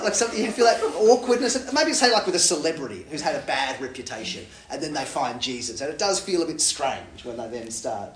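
A man giving a Bible teaching talk in a lively way, acting out quoted lines with big jumps in pitch. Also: a little fast, hardly any pauses. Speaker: preacher. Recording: echoey room.

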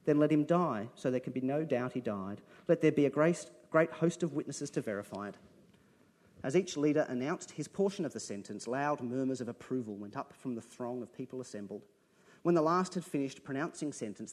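A man's voice: medium pitch, animated, normal speed, darkish tone. A man preaching a sermon, earnest and conversational, breaking from dramatic readings into plain asides to his listeners.

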